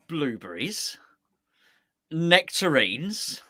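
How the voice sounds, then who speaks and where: A man's voice: a little high, sing-song, a little fast, sharp tone, no echo, studio quality. A man, co-hosting a casual chat in a playful, rambling way, with plenty of ums. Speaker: co-host.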